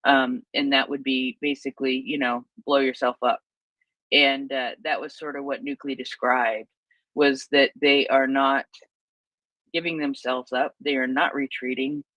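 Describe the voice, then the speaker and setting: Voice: mid-range voice, flat delivery, measured pace, dry recording, highs cut off. A co-host in casual live chat, retelling what others said, with many fillers and restarts.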